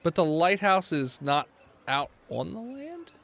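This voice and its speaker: A man's voice: fairly high pitch, sing-song, measured pace, vocal fry, fairly bright tone. A man running a tabletop game as game master, narrating casually and laughing along with his players.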